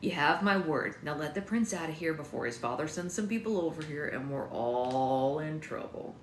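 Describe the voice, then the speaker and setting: A woman's voice: sits low, animated, moderate pace, reverberant, a little hiss or hum. A woman reading an earnest, scruffy local dad. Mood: pleading. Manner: pleading, earnest. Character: earnest scruffy middle-aged local man, a father.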